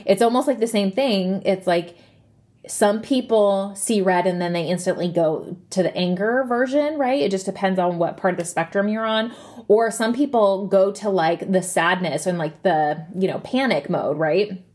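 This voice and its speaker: A woman in her thirties speaks at a middle pitch, telling a personal story and then explaining what it taught her. She rambles, stacking fillers and "right?" checks. Her voice catches as if she is holding back tears. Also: moderate pace, a little mellow. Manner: rambling, with many fillers and tag questions. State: tearful, voice catching. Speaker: self-help speaker.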